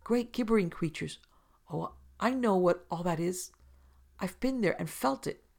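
A woman reading aloud and voicing an excitable young girl who eagerly tells a spooky tale. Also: fairly low pitch, a little slow, gravelly, voice pushed up, exaggerated voice. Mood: excited. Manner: breathless, eager, insistent.

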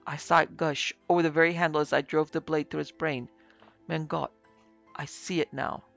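Guy doing a husky frantic old-world lecturer, raised pitch, gravelly edge, soft music under it. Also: fairly even intonation, normal speed. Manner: frantic, raving. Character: terrified guilt-stricken male German chemistry lecturer.

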